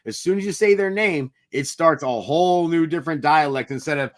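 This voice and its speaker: Earnest podcast dude, kinda higher voice, reflective motivational talk. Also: male voice, fairly quick. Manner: earnest, reflective, occasional mild swearing. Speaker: podcast co-host. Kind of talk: casual motivational chat.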